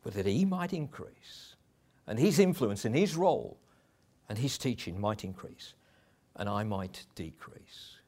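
A man's voice: on the low side, very animated, a little slow, a little mellow. Man preaching a conversational sermon. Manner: conversational, with chuckles and restarts.

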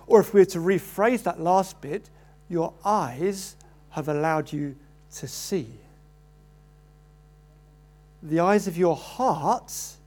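Male preacher, animated sermon delivery, voices the story's people. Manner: animated, acts out quoted voices with rising pitch.

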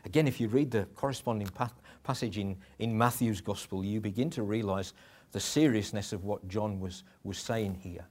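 A man's voice: on the low side, normal speed, hardly any pauses, darkish tone. Man preaching a conversational sermon. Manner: conversational, with chuckles and restarts.

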